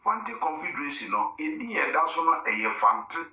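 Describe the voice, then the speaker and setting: A man explaining history in a measured, lecturing way. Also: on the high side, very animated, sharp tone, recorded from a distance. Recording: echoey clip recorded from afar.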